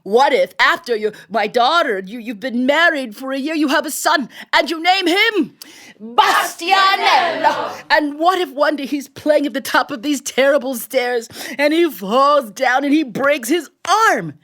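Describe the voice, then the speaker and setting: A woman's voice: sits high, expressive, measured pace, fairly bright tone, pitched above the performer's own voice. A woman playing a fretful grocer. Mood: panicked. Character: panicking grocer, middle-aged man.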